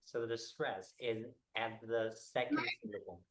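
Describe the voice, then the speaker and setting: A man teaching a one-on-one English pronunciation lesson, explaining haltingly with many fillers. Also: fairly low pitch, steady tone, rough recording.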